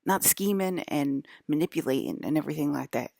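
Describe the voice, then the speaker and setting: Low, gravelly woman rambling to viewers. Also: expressive, fairly quick, hardly any pauses, dark tone, no echo, clean studio sound. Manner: rambling, restarts, drifts between topics. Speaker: broadcaster.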